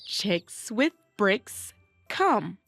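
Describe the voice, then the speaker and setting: A woman's voice: medium pitch, very animated, drawn-out words, a bit bright, soft background music. A woman leading a reading lesson for young children, prompting them and praising their answers encouragingly.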